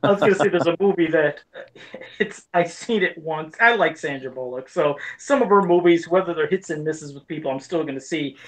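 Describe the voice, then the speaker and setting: A man's voice: fairly high pitch, brisk, rough recording. A man co-hosting a casual podcast chat, telling stories and acting out the voices of the people in them. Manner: animated storyteller who acts out quoted voices. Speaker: podcast co-host.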